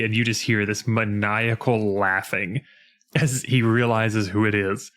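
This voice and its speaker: A man co-hosting a podcast, chatting casually about a video game and acting out its lines in a lowered voice. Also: moderate pace. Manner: animated, acts out character lines in a lowered voice. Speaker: podcast co-host.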